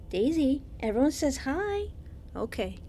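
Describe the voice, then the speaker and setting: A woman's voice: sits high, mellow, a little hiss or hum. A woman streaming a game playthrough, chatting casually and reading the dialogue aloud. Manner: chatty, reads game dialogue aloud and coos to her cat.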